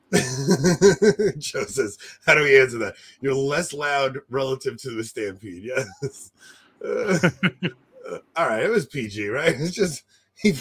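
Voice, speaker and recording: A man co-hosting a casual livestream chat, loud and often laughing as he tells stories into a close desk mic. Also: medium pitch, expressive, slow, long pauses, husky. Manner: loud, laughs a lot while telling stories. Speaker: podcast co-host. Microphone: desk mic close to face.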